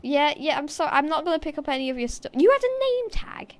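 A woman's voice: high-pitched, big pitch swings, quick pace. A young woman hosting a casual gaming chat, teasing her friend and giggling a lot. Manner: teasing, giggly, breaks into laughter often. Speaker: gaming channel host.

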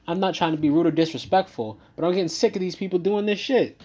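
Husky man ranting heatedly. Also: fast talker. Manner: heated, swinging between loud outbursts and low muttering. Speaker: commentator. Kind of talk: profane reaction rant.

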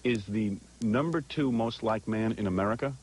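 A man's voice: on the low side, moderate pace, husky. A man hosting a radio show, bantering bluntly and teasing his guest with crude jokes. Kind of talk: casual radio talk. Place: radio studio.

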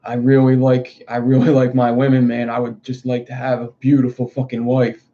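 A man voicing a crude, excitable guy in a bar joke, talking loudly and eagerly. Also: medium pitch, fairly quick, lightly acted. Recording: dull lo-fi stream audio.

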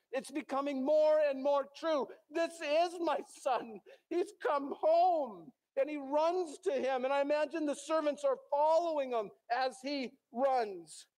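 A man's voice: very high-pitched, fairly even intonation, normal speed, hardly any pauses, a little mellow. A male pastor preaching a sermon in a church, telling a story dramatically and acting out the characters' lines.

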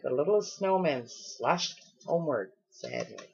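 A woman reading a children's storybook aloud with expressive storytelling. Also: fairly low pitch, moderate pace, dull audio. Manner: expressive storytelling with acted character lines. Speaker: storybook reader.

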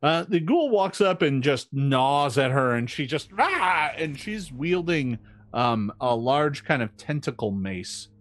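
A man narrating as game master in a relaxed, joking way, with many fillers. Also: mid-range voice, unhurried.

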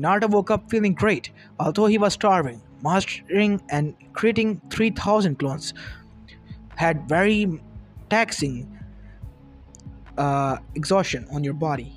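A man reading a fan fiction story aloud, with small stumbles and restarts. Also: high-pitched. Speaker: narrator. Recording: music under the voice. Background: lofi background music.

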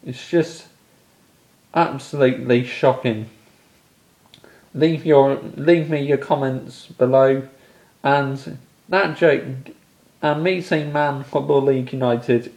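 A man's voice: mid-range voice, slow, gravelly, pauses often, a little mellow. A young man from England ranting angrily about his football team's loss, swearing and exasperated. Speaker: football fan vlogger. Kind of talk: angry fan rant to camera.

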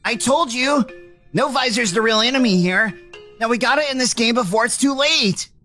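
A man's voice: very high voice, moderate pace, sharp tone, faint music behind. A man voicing an anxious young male crewmate in a cartoon who panics and gets bewildered. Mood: urgent. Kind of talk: cartoon voice acting.

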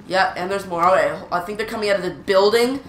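A woman hosting a gaming channel, giving live gameplay commentary in an excitable way, repeating urgent exclamations and often stammering. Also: medium pitch, quick pace, reverberant, slight background noise.

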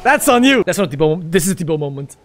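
A young man commentating his own gameplay casually, excitable and crude, with sudden yelps and laughs. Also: high-pitched, quick pace, soft background music. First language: Dutch. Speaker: streamer. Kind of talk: casual let's-play commentary.

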